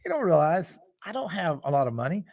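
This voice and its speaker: A man's voice: a little high, big pitch swings, quick pace, darkish tone, no echo, studio quality. Emphatic man with many fillers. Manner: emphatic, many fillers and restarts, swells in volume on key points. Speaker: preacher giving political commentary. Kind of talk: unscripted political monologue.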